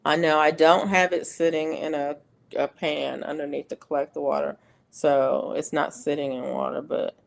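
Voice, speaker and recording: A woman's voice: sits low, vocal fry. A middle-aged woman hosting a casual livestream, chatting and laughing often as she reads viewer comments aloud. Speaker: livestream host. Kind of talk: casual live-stream chat.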